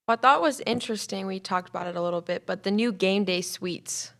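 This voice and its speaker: A woman co-hosting a sports talk show, reading out news and figures in a brisk way. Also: mid-range voice, creaky, fairly bright tone.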